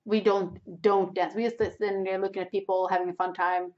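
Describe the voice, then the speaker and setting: A woman's voice: medium pitch, little pitch movement, a little fast, a little mellow. Blunt Swedish woman, lo-fi sound. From Sweden. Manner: blunt, swears freely. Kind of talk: casual chat. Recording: dull lo-fi sound.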